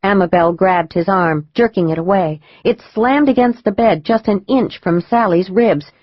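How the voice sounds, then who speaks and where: A woman narrating a thriller audiobook in a measured, even storytelling manner. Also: mid-range voice, dry recording, dull audio.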